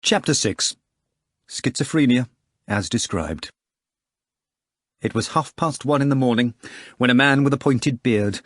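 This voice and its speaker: A man narrating an audiobook with an expressive, dramatic read. His voice sits at a middle pitch, recorded close and dry. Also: dry recording. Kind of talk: scripted narration.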